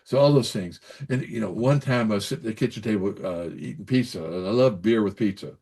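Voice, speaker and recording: An older man speaks in a low voice, offering blunt parenting and health advice. He talks in a folksy, emphatic way, repeating words and checking in with the listener as he goes. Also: fast, darkish tone, husky. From Kentucky. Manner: folksy, repetitive, emphatic with frequent "so anyways" and "okay?". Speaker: pediatrician guest. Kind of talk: casual advice-giving interview.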